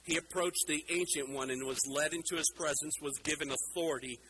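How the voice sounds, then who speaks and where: A middle-aged man preaching a sermon with emphatic rhetorical questions, swinging between loud and soft. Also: fairly high pitch, steady tone, a little fast, background noise. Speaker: pastor.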